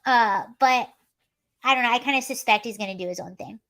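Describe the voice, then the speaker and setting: A woman's voice: on the high side, fairly quick. Chatty woman hosting a livestream. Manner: chatty, animated, reads chat comments aloud. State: allergies, coughing and sneezy. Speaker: livestream host. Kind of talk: casual political commentary livestream.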